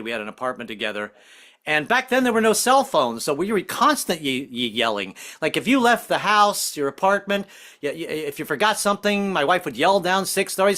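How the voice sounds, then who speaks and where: This is a man in his fifties telling a stand-up set live from home over a video call. He talks in a bright, forceful way with a raised pitch. He keeps jumping into loud, shrill voices to act out the people in his jokes. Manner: jokey, acts out other voices in high shrill tones. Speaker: stand-up comedian.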